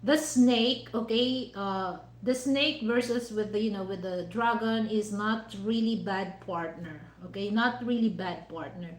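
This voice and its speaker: A woman's voice: mid-range voice, unhurried, few pauses, echoey room, poor audio. A woman vlogger chatting casually over dinner, rambling and leaning on "you know" fillers with non-native phrasing.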